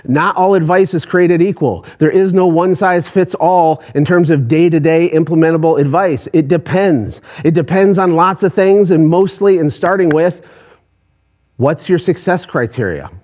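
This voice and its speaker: A man's voice: a little high, normal speed, darkish tone. Passionate man firing rhetorical questions. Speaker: business coach. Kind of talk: motivational talk to an online audience.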